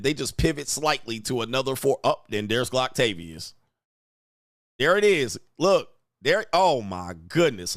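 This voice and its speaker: A man in crude reaction-commentary mode, sneering and snorting at each clip. His voice sits at an ordinary pitch, recorded dry and close. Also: vocal fry, no echo. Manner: coarse, sneering, laughs at what he reads. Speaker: host reacting to online clips.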